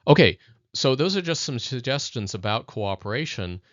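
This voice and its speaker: A man's voice: mid-range voice, expressive, normal speed, a bit bright, no echo. A man teaching in a conversational video lesson, speaking thoughtfully and addressing viewers directly. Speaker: educator. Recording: dull lo-fi dry recording.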